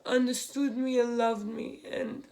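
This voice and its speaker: Tearful young woman, halting. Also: fairly high pitch, fairly even intonation, vocal fry, darkish tone. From Australia. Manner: tearful, halting, repeats herself. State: crying. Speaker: vlogger. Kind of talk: emotional personal story while doing makeup. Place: home room, indoors.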